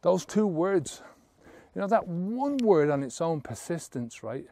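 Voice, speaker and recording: A man's voice: high voice, big pitch swings, measured pace, mellow. A man coaching listeners on quitting drinking, earnest and blunt, swearing casually and checking in with "right?" as he goes. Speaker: sobriety coach. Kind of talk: motivational talk to camera.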